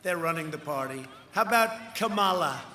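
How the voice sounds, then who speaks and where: A man's voice: a little high, animated, normal speed, pushed and bright. A man in his seventies giving a campaign rally speech, rambling and repeating himself, boasting and riffing with the crowd. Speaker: political speaker. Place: large outdoor rally. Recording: echoey rally sound, cheering crowd. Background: crowd noise.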